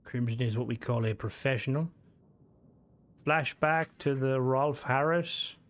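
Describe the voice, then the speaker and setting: A man's voice: medium pitch, unhurried. A young Irish man chatting casually on a game stream, rambling, swearing freely and answering chat.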